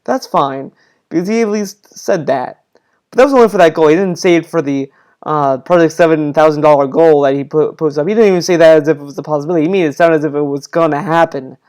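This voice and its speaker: Rambling skeptical young man, smooth voice. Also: on the high side, fast talker, darkish tone. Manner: rambling, repeats himself, restarts often, frustrated skeptical tone. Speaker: commentator reacting to a streamer's video. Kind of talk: casual critical commentary.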